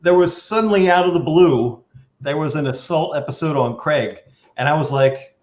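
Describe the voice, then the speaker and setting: A man hosting a podcast, telling stories in a casual, animated way. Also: on the high side, moderate pace, dull audio. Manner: animated, acts out quoted lines. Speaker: podcast host. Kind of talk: casual storytelling chat.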